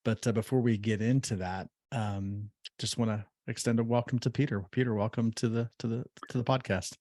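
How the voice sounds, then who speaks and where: An American man hosting a podcast interview, often halting with fillers and restarting his sentences. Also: lowish voice, steady tone, warm tone, dry recording, clean studio sound. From United States. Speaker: podcast host.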